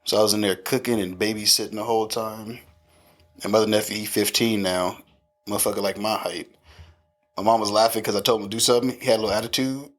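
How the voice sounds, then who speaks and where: A man around thirty, a podcast co-host, casually telling profane, animated stories about his family and often laughing. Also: fairly low pitch, fast, faint music behind. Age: 30s. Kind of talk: casual chat.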